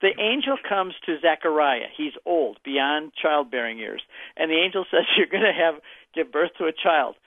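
A man's voice: fairly high pitch, lively intonation, moderate pace, slight background noise. An older man answering callers' faith questions on a call-in radio show, telling stories and acting out the voices. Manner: storytelling, acts out voices in his answers. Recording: dry, phone-like radio audio.

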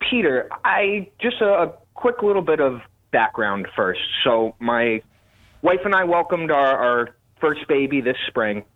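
A man from Connecticut calling in to a radio show, asking his question in a hesitant, halting way with repeated words. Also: medium pitch. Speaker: caller. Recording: tinny phone line.

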